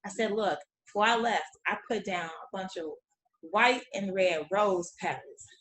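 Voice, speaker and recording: A woman guest in casual chat, telling a lively story, acting out quotes and laughing often. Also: medium pitch, measured pace, echoey room, low-quality recording.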